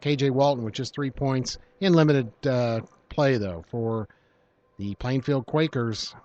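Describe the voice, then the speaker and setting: A man calling a high school basketball game, rattling off stats and teasing his partner. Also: darkish tone, dull audio. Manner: teasing banter, brisk stat rundowns. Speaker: basketball play-by-play announcer. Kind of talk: live game commentary.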